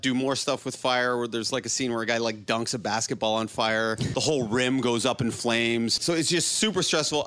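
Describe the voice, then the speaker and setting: A man telling a story in a casual, animated, profane way, often laughing as he goes. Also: medium pitch, dry recording. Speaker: podcast host telling a story.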